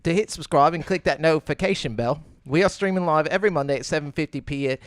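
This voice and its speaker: A man hosting a gaming podcast in casual chat, joking and animated. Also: on the high side, clear, resonant tone, dry recording, studio quality. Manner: animated, joking, quick to laugh. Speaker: podcast host.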